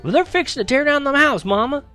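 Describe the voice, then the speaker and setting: Male reader playing a bold, hot-headed farm boy, pitched up, shouting. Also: expressive, quick pace, faint music behind. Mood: defiant. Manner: shouting eagerly.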